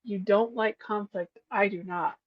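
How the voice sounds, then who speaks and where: Soft-spoken woman with a dull, lo-fi sound. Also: mid-range voice, fairly even intonation, measured pace, dry recording. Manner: soft-spoken, reads points then relates them to herself. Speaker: podcast co-host. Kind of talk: casual chat, reading a list aloud.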